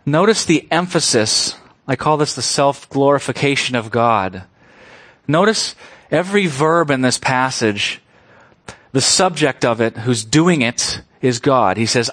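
A man's voice: medium pitch, expressive, a little slow, a bit bright, no echo. A man preaching a sermon, explaining a scripture passage with emphasis and rhetorical questions. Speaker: pastor.

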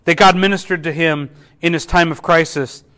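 A man's voice: a little high, fairly even intonation, moderate pace, smooth. A man preaching a sermon as a pastor, earnest, often repeating words as he restarts. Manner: earnest, repeats words at restarts, drops softly for quoted whispers.

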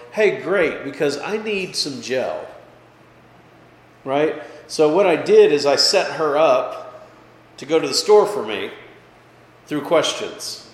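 A man's voice: a little high, takes it slowly. Pastor man teaching in an echoey hall. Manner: casual, checks in with listeners with frequent "okay?" and "right?"; lively, pushes his voice up for emphasis. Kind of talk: conversational Bible study teaching. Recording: echoey hall with faint background noise.

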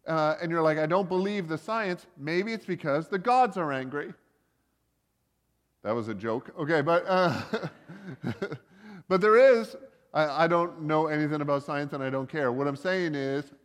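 A man's voice: fairly high pitch, lively intonation, a little slow. Man preaching with casual jokes, hall reverb. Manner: conversational, joking asides, many likes and uhs. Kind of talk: casual sermon storytelling.

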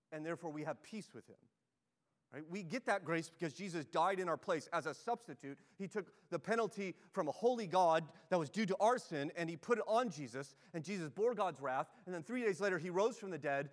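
High-voiced pastor preaching in a reverberant church. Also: male voice. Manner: conversational, frequent "right?" check-ins, repeats words. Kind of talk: sermon. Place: church sanctuary.

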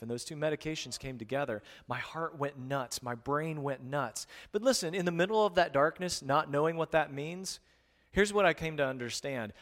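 A man preaching a conversational sermon as pastor, swinging between hushed and loud. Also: a little high, in a large hall.

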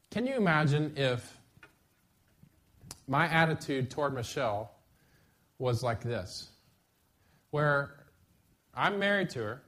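A middle-aged man preaching a sermon as pastor, lively and conversational, with sudden bursts of emphasis. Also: medium pitch.

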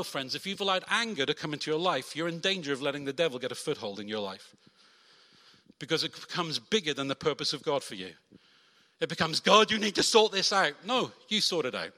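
Animated preacher guy, bright sharp tone, reverby church hall sound. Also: fairly high pitch. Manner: animated, acts out quoted voices. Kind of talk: sermon.

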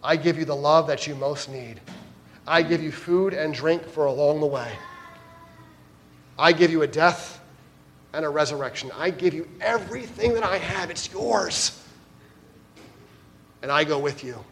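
A man preaching gives voice to a gentle, reassuring Jesus, speaking softly and tenderly in a lowered, hushed tone. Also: measured pace, long pauses, a little hiss or hum.

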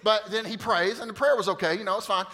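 High, bright-voiced pastor telling a funny story. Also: male voice, fast talker. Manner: animated, jokey, acts out quotes. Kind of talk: sermon storytelling. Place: church auditorium.

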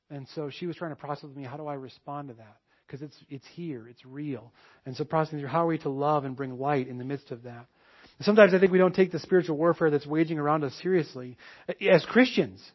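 A man preaching a sermon, telling a personal story with animated back-and-forth dialogue before turning to teaching. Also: fairly high pitch, lo-fi sound. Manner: animated storytelling, acts out both sides of dialogues. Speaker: pastor.

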